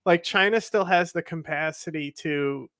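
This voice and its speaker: A man's voice: a little high, moderate pace, fairly bright tone, no room sound. A man co-hosting a livestream, chatting bluntly and sarcastically about news clips and swearing freely. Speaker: co-host. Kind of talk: casual political chat over news clips.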